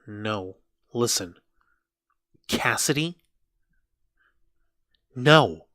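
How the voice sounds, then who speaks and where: A man's voice: medium pitch, animated, drawn-out words, pushed and bright, dry recording. A man co-hosting a wrestling review podcast, ranting with profanity and sarcasm. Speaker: podcast co-host. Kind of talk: heated wrestling review chat.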